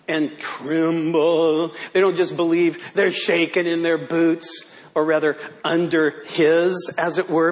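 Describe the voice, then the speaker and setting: A male pastor delivering a sermon in a church, playful and theatrical, often laughing. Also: a little high.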